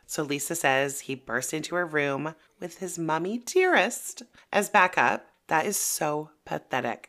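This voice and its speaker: A woman co-hosting a casual gossip podcast, sarcastic and animated. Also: low voice. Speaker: podcast co-host.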